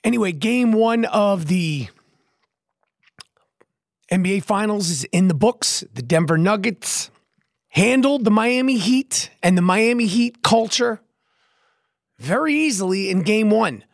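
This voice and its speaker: A man hosting his own podcast, his voice hoarse and not at full strength, talking in a brash, profane, rapid-fire way and repeating catchphrases. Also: high-pitched, lively intonation, no echo, clean studio sound. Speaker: podcast host. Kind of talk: hyped solo podcast monologue.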